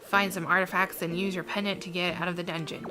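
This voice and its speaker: A woman voicing a stern old male shopkeeper mentor with a gruff, scolding manner, game music behind. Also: lowish voice, level tone, fast, close to an everyday voice.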